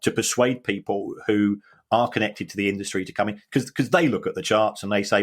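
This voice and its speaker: A low-pitched man co-hosting a casual football podcast. He speaks earnestly and with emphasis, often restarting his sentences. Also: a little fast. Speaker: podcast co-host.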